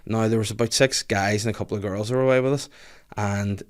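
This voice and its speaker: A man telling a story on a podcast in casual chat, animated and laughing often while he acts out other people's voices. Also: fairly low pitch, quick pace.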